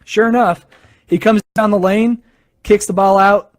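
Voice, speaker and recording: A man hosting a sports podcast, giving casual opinions in an excitable, animated storytelling manner. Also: high-pitched, a little slow, no echo.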